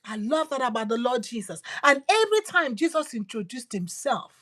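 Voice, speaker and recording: A woman preaching a devotional sermon, repeating phrases emphatically and swinging from loud declarations to hushed whispers. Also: a little high, very animated, brisk, few pauses.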